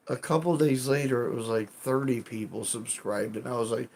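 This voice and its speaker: A man's voice: mid-range voice, steady tone, moderate pace, creaky, few pauses, slight background noise. A man casually chatting with his live chat as a streamer, rambling, self-deprecating and swearing now and then.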